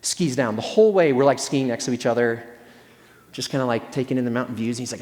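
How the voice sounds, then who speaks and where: A man preaching a sermon in a church hall, telling stories in an animated, conversational way with self-deprecating humor. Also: medium pitch, quick pace. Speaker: pastor. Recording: long hall reverb.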